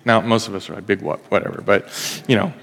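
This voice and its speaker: A man's voice: lowish voice, fast talker, vocal fry, fairly bright tone. A man preaching a casual, story-driven sermon as pastor, acting out the voices of the people in his stories. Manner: conversational storytelling, acts out quoted voices. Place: church hall. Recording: long reverb in a hall.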